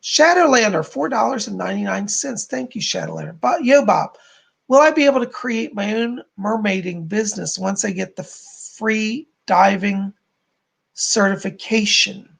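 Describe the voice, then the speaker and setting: Male psychic medium host; gravelly, husky tone, gentle delivery on a live stream. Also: sits high, animated, moderate pace. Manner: soft, relaying spirit messages, warm thanks to donors.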